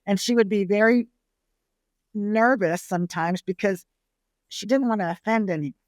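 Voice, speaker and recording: A middle-aged woman from San Antonio, Texas, a restaurateur telling her family's history in a relaxed interview, lively and acting out the people she quotes. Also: medium pitch, normal speed, no room sound. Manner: lively storyteller who acts out family quotes. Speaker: restaurateur guest. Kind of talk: casual storytelling interview.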